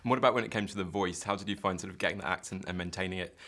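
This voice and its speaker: A man interviewing a film actor, asking brisk, polite questions that often open with a hesitant "um". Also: low voice, a bit bright. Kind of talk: press junket interview.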